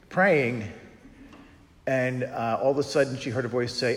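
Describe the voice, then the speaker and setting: A man's voice: medium pitch, expressive, normal speed. A man, a Catholic priest, giving a conversational teaching talk on prayer and telling anecdotes. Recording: long reverb in a large hall.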